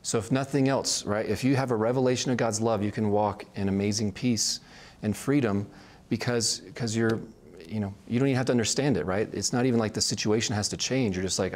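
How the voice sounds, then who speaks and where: A man's voice: on the low side, steady tone, brisk, a little mellow. A man teaching a casual Bible study, talking conversationally and often checking in with "right?". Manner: conversational, frequent "right?" check-ins, restarts.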